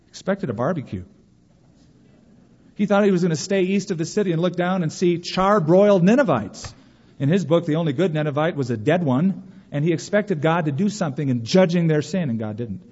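Lively husky-voiced male preacher. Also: fairly high pitch, in a large hall, lo-fi sound. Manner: animated preaching with quick mock quotes. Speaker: pastor. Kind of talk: sermon.

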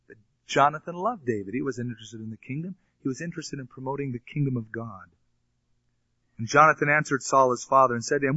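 A man's voice: medium pitch, fast, sharp tone, dry recording. Male pastor, expository sermon, mixes scripture reading with plain-spoken asides; dry, slightly muffled recording. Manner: reads scripture then explains it in plain, colloquial asides.

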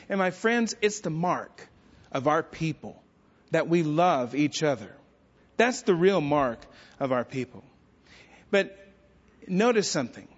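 Self-deprecating man preaching in echoey hall. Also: a little high. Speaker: pastor. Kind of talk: sermon. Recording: dull sound with long church-hall reverb.

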